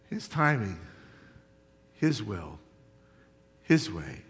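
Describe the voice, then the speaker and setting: A man preaching a sermon as pastor, telling folksy stories and building to loud, emphatic points. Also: medium pitch, normal speed. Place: church sanctuary. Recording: long hall reverb.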